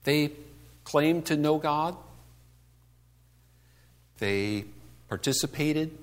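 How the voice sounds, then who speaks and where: A man's voice: a little high, lively intonation, unhurried, pauses often, fairly bright tone. A man giving a conversational sermon to a congregation, asking rhetorical questions and acting out the complaints he quotes. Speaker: pastor.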